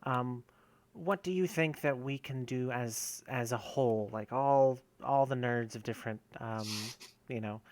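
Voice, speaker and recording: A man hosts a podcast and asks his questions casually, rambling through many fillers before he gets to the point. His voice sits at an everyday middle pitch. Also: a bit bright, dry recording. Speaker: podcast host.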